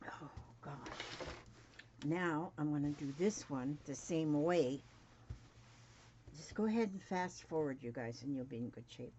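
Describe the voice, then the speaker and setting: Her voice is low and warm as this septuagenarian crafting vlogger takes her time through a sewing demo, chatting and muttering to herself along the way. Faint noise sits behind the dull, lo-fi home recording.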